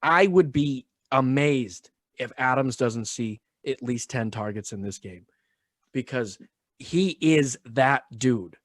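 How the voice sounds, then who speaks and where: A man's voice: medium pitch, lively intonation, slow, no room sound. Man, crude joking banter, sports chat, dry close sound. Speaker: sports podcast co-host. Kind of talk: casual sports analysis chat.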